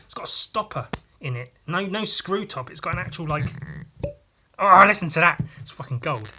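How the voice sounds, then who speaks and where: This podcast host's voice is fairly high, animated, pushed and bright, moving at a moderate pace. Talking solo, he rambles casually, curses freely, and cuts himself off mid-sentence. A little hiss or hum sits in the recording.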